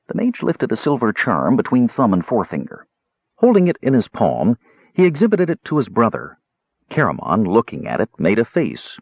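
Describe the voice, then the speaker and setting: Expressive male fantasy narrator, husky. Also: medium pitch, normal speed, no room sound, dull audio. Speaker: audiobook narrator.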